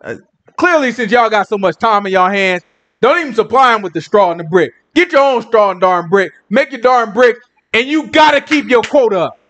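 Scornful king, sneering at his slaves, tone swinging high and low; a preacher puts him on. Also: animated, fairly quick, a bit bright. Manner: mocking, dismissive. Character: defiant Pharaoh scoffing at the slaves.

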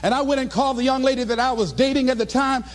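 A middle-aged man giving a motivational speech in a preacherly, animated storytelling manner, often shouting. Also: very high-pitched, fast talker, big-room sound. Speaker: motivational speaker.

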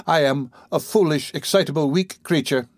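A man's voice: on the high side, normal speed, dry recording, clean studio sound, natural voice. A man voicing a flustered middle-aged woman matron who talks in a breathless, whimpering way. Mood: faint, coy.

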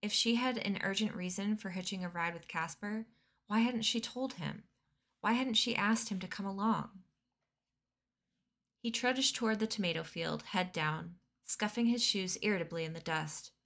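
A woman reading a children's novel aloud on a cozy stream, steady and expressive. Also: mid-range voice.

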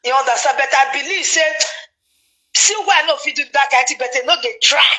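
A woman's voice: high voice, a little fast, poor audio. A woman with a Nigerian Pidgin accent, chatting animatedly about gossip and repeating herself for emphasis. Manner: animated, repetitive, excitable. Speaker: gossip commentator. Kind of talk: casual gossip chat.

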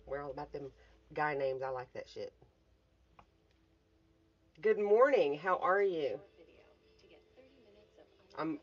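A woman with a slightly low voice chats casually on a morning livestream from home. She rambles, greets viewers and swears in passing. The phone audio is dull and lo-fi. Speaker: artist livestreaming.

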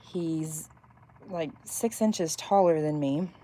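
A woman in her thirties from north central Texas, with a softened Texas accent, chatting casually with viewers while she works on epoxy cups. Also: low-pitched, slow pace. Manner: chatty, rambling, reacts to chat comments. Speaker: crafter making epoxy cups. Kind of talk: casual chat while crafting.

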